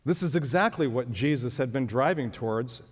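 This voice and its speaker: A man preaching a sermon as pastor, emphatic and leaping up in pitch on key phrases. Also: lively intonation, normal speed, slightly rough. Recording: long reverb of a hall.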